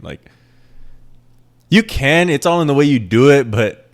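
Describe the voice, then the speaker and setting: A man's voice: mid-range voice, lively intonation, moderate pace, long pauses. A young man from the Midwest with a plain Midwestern accent, hosting a casual solo podcast, rambling and self-deprecating and swearing freely. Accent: plain Midwestern American. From American Midwest. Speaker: podcast host.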